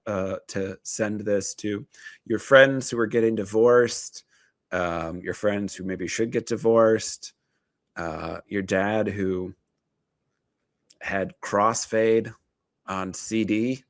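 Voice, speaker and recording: A man's voice: on the low side, steady tone, slow, no room sound. A man in his thirties, a therapist hosting his own video, talking casually with many fillers, restarts and wry asides. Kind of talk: casual talking-head commentary.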